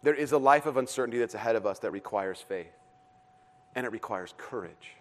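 During a sermon, a pastor in his thirties shares a family story with lively energy and plenty of laughter, using a mid-range voice at a slightly quick pace.

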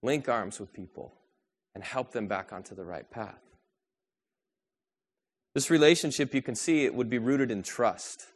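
Male pastor, sermon delivery, rhetorical questions, soft to raised. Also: on the low side, normal speed, husky.

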